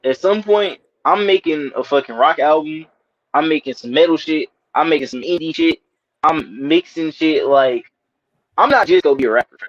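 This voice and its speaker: A man co-hosting a podcast, talking in a loud, slangy, teasing way. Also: a little high, moderate pace, no echo, lo-fi sound. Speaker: podcast co-host. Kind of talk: casual podcast chat.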